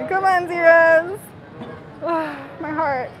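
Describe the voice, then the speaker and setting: A woman's voice: extremely high pitch, very slow. A woman vlogging live from a casino table, calling her bets and laughing and cheering often. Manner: giggly, excitable, cheering. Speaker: gambling vlogger. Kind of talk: live table-game commentary. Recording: noisy casino floor.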